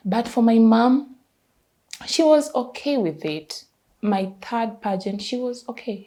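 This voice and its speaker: A woman's voice: fairly high pitch, slow, warm tone. A young woman, a pageant queen telling her story candidly and expressively as a podcast guest. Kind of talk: interview.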